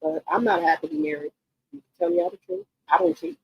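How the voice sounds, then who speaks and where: A woman in her late forties or fifties hosting a gossip channel, talking to her viewers in an animated, outspoken and profane way. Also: fairly high pitch, fairly quick, vocal fry, slightly rough, lo-fi sound. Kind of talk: casual commentary to viewers.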